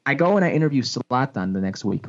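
Ex-pro soccer guy turned broadcaster, storytelling on a podcast, voice bouncing up n down, keeps restarting, kinda muffled audio. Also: fast. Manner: animated, swinging pitch, frequent restarts. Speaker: sports broadcaster and former pro soccer player.

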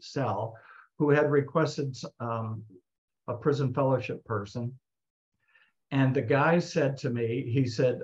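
A man with a mid-pitched voice tells a story in a talk, narrating with animation and acting out the people he quotes. The recording is slightly muffled. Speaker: speaker.

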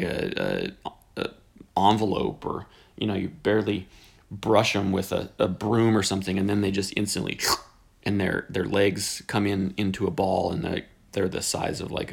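A man in his forties hosts a podcast in a loose, joking monologue full of tangents and playful asides. His voice is gravelly and slightly husky. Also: fairly low pitch. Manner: animated, jokey, wandering into tangents. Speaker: podcast host. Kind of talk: casual rambling podcast monologue.

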